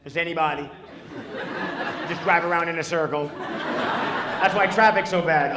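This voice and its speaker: A man's voice: on the high side, normal speed, long pauses, reverberant. A man doing stand-up comedy in a club, brash and profane, teasing people in the audience. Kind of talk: stand-up set with crowd work. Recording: live club with audience noise.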